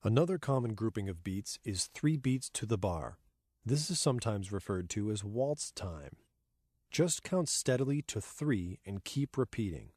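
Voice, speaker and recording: A man reading a scripted keyboard lesson in a measured, clear way, counting beats and rhythm words aloud in time. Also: lowish voice, animated, darkish tone, dry recording, studio quality. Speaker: keyboard instructor. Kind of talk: scripted instructional narration.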